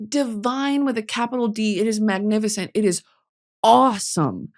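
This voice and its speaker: Animated young woman podcast host. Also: on the high side, moderate pace. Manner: animated, swears a lot, turns tearful and emotional. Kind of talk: casual podcast monologue.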